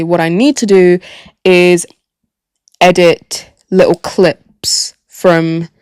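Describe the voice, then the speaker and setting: A young woman hosts her solo podcast, rambling and poking fun at herself. Her lowish voice is gravelly and hoarse from a sore throat. The sound is close and dry on a podcast mic. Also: darkish tone, dry recording. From Gambia. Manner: chatty, self-mocking, rambling. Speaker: podcast host. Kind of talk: casual solo chat. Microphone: podcast microphone.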